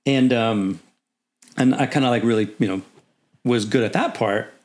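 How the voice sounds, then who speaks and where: A man's voice: medium pitch, moderate pace, darkish tone. A middle-aged man, an army officer as podcast guest, telling long casual anecdotes peppered with "you know" and acting out the voices in his stories. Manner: rambling anecdotes, many "you know" fillers, acts out voices in quotes. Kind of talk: casual storytelling.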